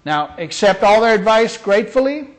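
A man's voice: high voice, animated, normal speed. A man minister delivering a sermon with emphatic, dramatic storytelling.

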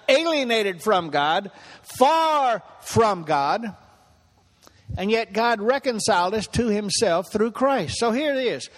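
A man's voice: high voice, fairly bright tone. A man preaching a sermon as pastor, repeating phrases for emphasis and building to impassioned peaks. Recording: long hall reverb.

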